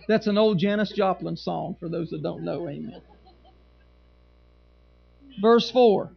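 A male pastor preaching in a church, his voice strikingly high with a gravelly edge. He mixes scripture reading with dry, sarcastic asides to his congregation, and the recording sounds dull and lo-fi. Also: measured pace, pauses often, slight background noise. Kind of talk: sermon.

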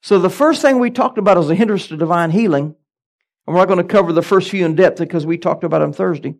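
A man's voice: sits high, quick pace, creaky. A middle-aged man, a pastor, preaching a sermon with emphatic delivery and frequent amens.

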